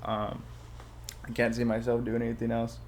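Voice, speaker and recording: A man's voice: mid-range voice, monotone, moderate pace, a little mellow, a little hiss or hum. A man talking in a casual podcast chat as a stand-up comedian guest, loose and rambling with lots of filler and swearing. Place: podcast studio.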